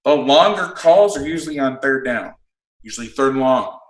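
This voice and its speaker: A man who coaches football, breaking down defensive play calls in a casual chat, blunt and quick to swear. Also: mid-range voice, expressive. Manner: blunt, swears freely, explains plays in detail. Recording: roomy echo.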